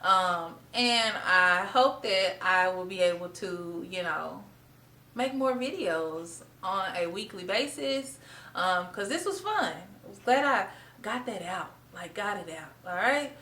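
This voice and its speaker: A woman's voice: mid-range voice, expressive, takes it slowly, bright, forceful tone, poor audio. A young woman vlogging to camera, a former teacher telling her story in a heartfelt, chatty way. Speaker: vlogger, former middle school art teacher. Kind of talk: casual talk to camera.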